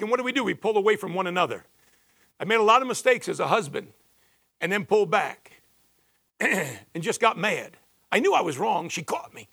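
A man in his sixties preaching a sermon, building to emphatic peaks and dropping low and confiding when he tells stories. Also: fairly bright tone, breathy edge, no echo. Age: 60s. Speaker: pastor.

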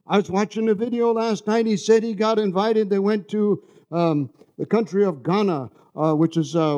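High mellow-voiced guy from new york preaching, chatty, keeps asking amen?. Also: muffled recording. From New York City. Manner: conversational, asks the congregation "amen?". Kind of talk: sermon.

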